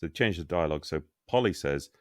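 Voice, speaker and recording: Man, podcast co-host, measured, curious, very deep voice, dry close sound. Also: lively intonation, no echo. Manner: measured, curious, explains things step by step. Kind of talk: casual discussion.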